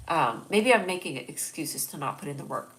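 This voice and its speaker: A woman's voice: deep voice, lively intonation, moderate pace, fairly bright tone, poor audio. Rambling young woman with a stuffy nose. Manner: rambling, self-deprecating, reads chat jokes aloud. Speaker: host. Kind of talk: casual livestream chat.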